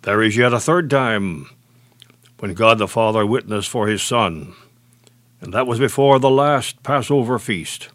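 A man preaching a sermon, measured and deliberate, slowing and dropping low on key phrases. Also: fairly bright tone, no echo.

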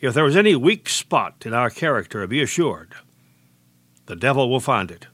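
A man preaching a sermon, speaking deliberately and slowing down to weigh each quoted verse. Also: mid-range voice, fairly bright tone, no echo. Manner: measured, deliberate preaching with slowed emphasis on quotations.

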